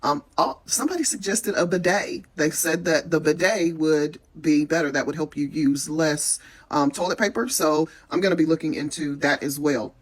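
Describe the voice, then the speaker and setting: A woman talking casually to camera, giving practical tips in a frank, earnest way with many pauses. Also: deep voice. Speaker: vlogger giving preparation tips.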